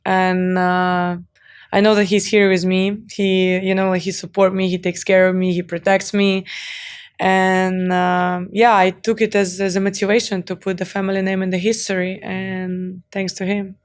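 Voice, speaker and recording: A woman's voice: mid-range voice, little pitch movement, normal speed, clear, resonant tone. A young woman, a sports champion, answering interview questions openly and earnestly, with many fillers. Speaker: guest, tennis champion. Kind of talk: podcast interview.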